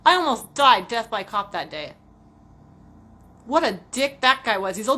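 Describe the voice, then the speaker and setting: Profane, animated woman ranting. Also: mid-range voice, normal speed, a little hiss or hum. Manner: profane, animated, self-mocking storytelling. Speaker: vlogger. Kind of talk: casual rant to camera.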